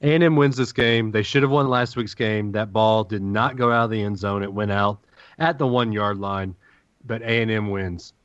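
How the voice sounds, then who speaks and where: A man's voice: fairly low pitch, fairly even intonation, moderate pace, smooth, no echo, dull audio. Confident man breaking down football games. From Southern US. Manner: confident, analytical game predictions. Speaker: podcast co-host. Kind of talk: casual sports chat.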